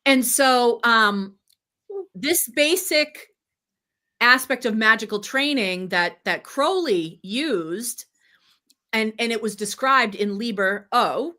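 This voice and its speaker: A woman co-hosts a casual spiritual podcast and explains her ideas thoughtfully. Her voice is bright and a little high, and she pauses to restart her sentences now and then. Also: animated. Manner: thoughtful, with many fillers and restarts, reads quotations aloud. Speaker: co-host.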